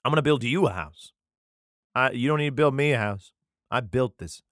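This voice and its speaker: A man voicing a brash, profane male God with a Southern accent, shouting indignantly. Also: medium pitch, lively intonation, moderate pace, no echo, studio quality, close to an everyday voice. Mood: boastful. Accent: American Southern. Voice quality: shouting, swearing.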